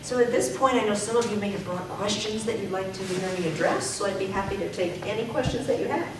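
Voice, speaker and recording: A woman speaking coach giving an energetic, emphatic presentation to a club and leading the audience in repeat-after-me drills. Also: medium pitch, fast talker. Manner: energetic, emphatic, projecting to the back of the room. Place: meeting room. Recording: echoey room, distant mic, background noise.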